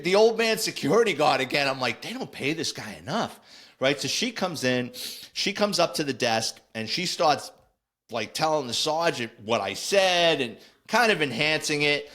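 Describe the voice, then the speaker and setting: An older man, a former police officer telling a blunt, animated story on a podcast. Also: fairly high pitch. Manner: animated, blunt, acts out quoted voices. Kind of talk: casual anecdote storytelling.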